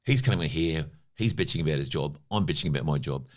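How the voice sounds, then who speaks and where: A man in his fifties from New Zealand talks as a podcast guest, and his voice sits extremely low. He tells stories casually and freely, scattering "you know" through his sentences. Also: lively intonation, quick pace. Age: 50s. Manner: chatty anecdotal, lots of "you know" fillers. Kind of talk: casual conversational storytelling.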